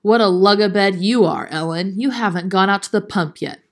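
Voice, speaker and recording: A woman's voice: medium pitch, moderate pace, natural voice. A woman reading a storybook aloud, voicing a stubborn, teasing old grandfather in a raised, hearty voice.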